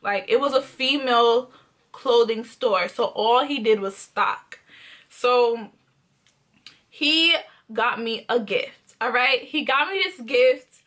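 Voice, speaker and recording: A young woman vlogger telling a casual storytime, animated and slangy, acting out what people said. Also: a little high. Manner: animated, quotes people in lively voices; slangy and conversational.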